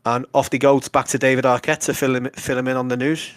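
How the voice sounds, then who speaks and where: A man's voice: medium pitch, level tone, quick pace, no room sound, clean studio sound. A man co-hosting a casual wrestling podcast, blunt and ranting, swearing a lot. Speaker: podcast co-host.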